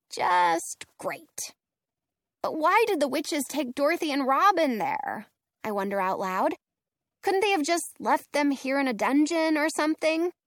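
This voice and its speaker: Brief: woman reading a children's book aloud, lively and slow, dry close sound. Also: sits high, no room sound. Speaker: audiobook reader. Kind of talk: first-person storybook narration.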